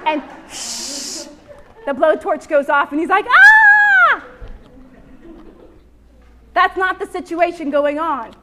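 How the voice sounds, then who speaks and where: A woman's voice: sits high, a little slow, very noisy. A woman preaching to a women's church gathering, joking and acting out little voices as she goes. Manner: animated, jokey, acts out voices. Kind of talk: sermon.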